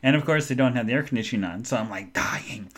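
Talking fast at a medium pitch, a man hosting a podcast winds through a long casual story. He's chatty and rambling, and he imitates the voices he quotes.

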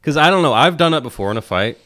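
A man's voice: medium pitch, animated, very fast, fairly bright tone. A man co-hosting a podcast in casual chat, blunt and candid, swearing freely. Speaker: podcast co-host.

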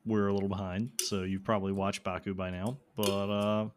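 A man's voice: fairly low pitch, little pitch movement, fairly quick. A man hosting a casual podcast, joking and rambling with friends, a bit tipsy from drinking. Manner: joking, rambling, swears freely. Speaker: podcast host. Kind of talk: casual chat.

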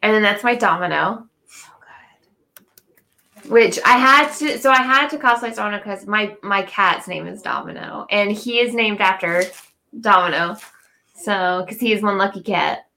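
Bright-voiced woman with some vocal fry. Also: mid-range voice, normal speed. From northern United States. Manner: chatty, lots of "like" fillers. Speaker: guest cosplayer. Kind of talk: casual chat.

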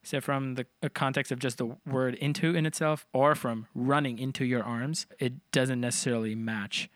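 This co-host speaks at a medium pitch with a steady, fairly bright tone and moderate pace, recorded dry. In a casual analytical conversation he methodically explains a song's lyrics and rhythm, counting beats as he goes.

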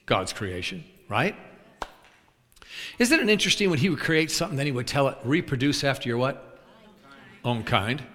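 A male preacher delivers a lively sermon, telling funny stories and acting out the scenes. His voice sits at a middling pitch and rings with the long reverb of a big church sanctuary. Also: moderate pace, pauses often. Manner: animated, acts out scenes and chuckles at his own stories. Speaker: traveling preacher. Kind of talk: sermon with humorous storytelling.

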